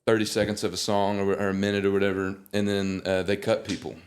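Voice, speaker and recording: Young man with a low voice telling jokey stories. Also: fast, a little hiss or hum. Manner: animated, joking storyteller. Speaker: guest singer. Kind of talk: casual interview chat.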